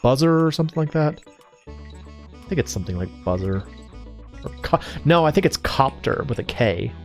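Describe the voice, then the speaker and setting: A man's voice: mid-range voice, expressive, normal speed. A man casually commenting on a video game as he plays, rambling, joking and self-deprecating. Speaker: let's play host. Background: faint game music.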